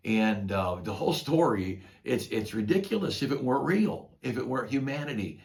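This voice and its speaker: A man's voice: medium pitch, animated, moderate pace, gravelly. An older man, a pastor, retelling a Bible story in a folksy, conversational devotional talk.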